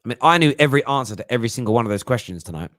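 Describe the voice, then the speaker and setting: A man's voice: mid-range voice, lively intonation, racing, fairly bright tone, dry recording. Chatty young man, dry mic. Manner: chatty and jokey, laughs often, slangy. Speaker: livestream host. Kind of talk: casual live chat.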